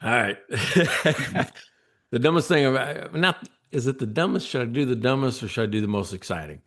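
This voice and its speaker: A man, a former state trooper, telling an animated story as a podcast guest, acting out quotes and laughing often. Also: mid-range voice, moderate pace.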